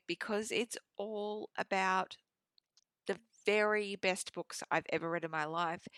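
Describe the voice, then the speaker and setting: Effusive woman host in her 30s, gravelly edges, dry studio sound. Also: mid-range voice, fairly bright tone, dry recording. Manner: chatty, sweary and effusive. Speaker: podcast host. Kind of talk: casual solo podcast monologue. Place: home studio.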